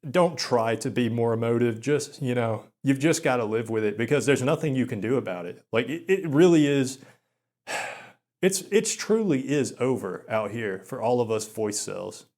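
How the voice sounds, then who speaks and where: With a medium-pitched voice and a flat, slow delivery, a young channel host gives a self-deprecating vlog monologue. Filler words and rapid stutters are frequent.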